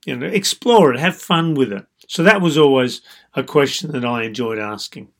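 A man speaks as a dating coach giving advice straight to the listener. His voice sits at a middle pitch, and his manner is calm and explanatory. He leans on "so" and "you know" as he walks through each point. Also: moderate pace. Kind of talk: advice monologue.

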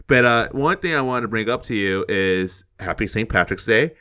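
A man's voice: lowish voice, expressive, normal speed, pushed and bright. A man co-hosting a live-streamed podcast, chatting in an easygoing way and chuckling often. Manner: easygoing, chuckling, many fillers. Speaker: podcast co-host. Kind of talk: casual live-stream chat.

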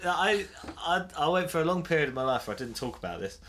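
A man's voice: fairly high pitch, sing-song, quick pace, background noise. A young man co-hosting a podcast, chatting sheepishly and laughing through his own stories. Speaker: podcast co-host. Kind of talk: casual banter.

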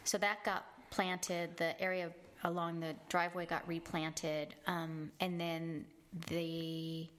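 Chatty woman with a lowish voice. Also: little pitch movement, takes it slowly, few pauses, fairly bright tone. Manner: chatty, laughs often, trails off mid-sentence. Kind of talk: casual chat. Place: home in Italy.

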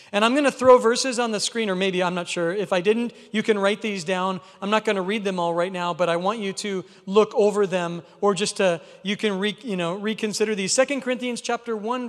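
A man's voice: high voice, a bit bright. A man preaching a sermon as pastor, in an emphatic, conversational way. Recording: long hall reverb.

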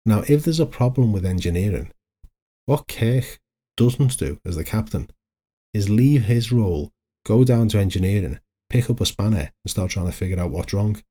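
A man's voice: lowish voice, expressive, normal speed, warm tone. A middle-aged man, hosting a solo motivational podcast in a chatty, anecdotal way that wanders into side stories. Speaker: podcast host, life coach.

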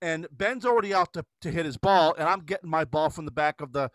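A man's voice: on the high side, quick pace, fairly bright tone, no echo. A middle-aged father telling a rambling golf story in casual chat, restarting sentences and laughing.

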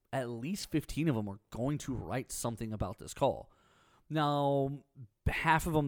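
A man co-hosting a podcast, telling animated stories in casual chat. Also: mid-range voice, no echo, clean studio sound. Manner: animated storyteller. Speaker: podcast co-host.

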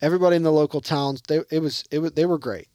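A man's voice: on the high side, rapid-fire, no room sound, studio quality. Chatty Michigan man telling a story. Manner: rambling storyteller, animated, mimics locals. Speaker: podcast co-host. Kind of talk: casual hunting podcast chat.

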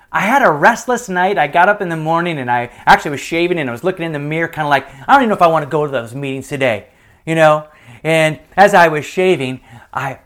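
Man preaching a sermon, middle-aged, fairly high voice, lively storyteller dropping to a hush. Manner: storytelling, swings between lively and hushed. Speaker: pastor.

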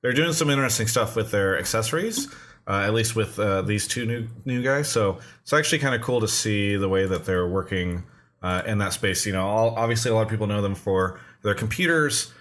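Male host of a casual streamed show, slightly low pitch, talks in loose rambling bursts with lots of uhs and restarts. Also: lively intonation, brisk, a bit bright. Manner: rambling, restarts often, many fillers. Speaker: podcast host. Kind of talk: casual livestream talk show.

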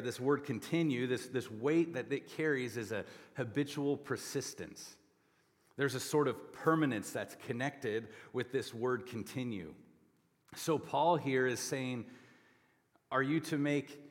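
A man preaching a sermon as pastor, explaining scripture and pressing his points with forceful repetition. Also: mid-range voice, big-room sound. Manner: emphatic, rising to forceful repetition. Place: church sanctuary.

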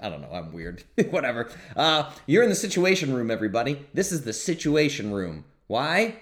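A man's voice: medium pitch, sing-song, brisk. A man hosting his own podcast, talking in an upbeat, rambling way with self-mocking asides. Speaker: podcast host. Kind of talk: casual solo podcast talk. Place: home studio.

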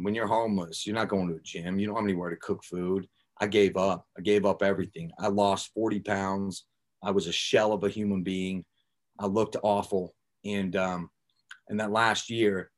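A man guest on a podcast, telling his own recovery story candidly, blunt and raw with casual swearing and filler words. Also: fairly low pitch.

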